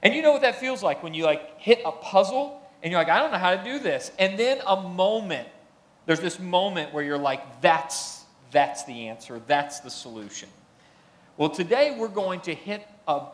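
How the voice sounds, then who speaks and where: A man preaching a sermon in a conversational way, building emphasis on his key points and reading passages aloud. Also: on the high side. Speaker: pastor.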